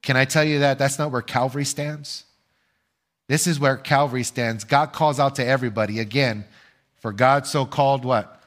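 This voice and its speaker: An older man preaching a sermon as pastor, earnest and measured, asking his listeners rhetorical questions and pausing for answers. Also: medium pitch, steady tone, a bit bright.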